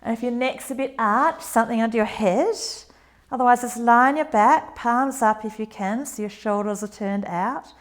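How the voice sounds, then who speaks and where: Gentle woman guiding yoga exercises. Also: fairly high pitch, moderate pace. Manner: gentle, encouraging, chatty asides. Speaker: yoga teacher. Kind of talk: guided exercise instruction.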